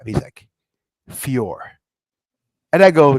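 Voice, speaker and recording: Guesting on a casual interview, a middle-aged scotch brand founder spins animated stories, jumping up to an excited high pitch and voicing other people's lines. He speaks at normal speed with plenty of fillers and restarts, captured in a low-quality recording without echo.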